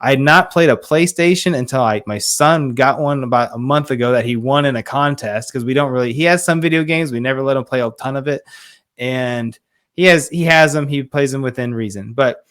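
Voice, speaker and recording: A man's voice: medium pitch, brisk, a bit bright. Earnest man telling a heartfelt story. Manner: earnest, emphatic, quotes others in dialogue. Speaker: guest, fatherhood coach. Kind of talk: podcast interview storytelling.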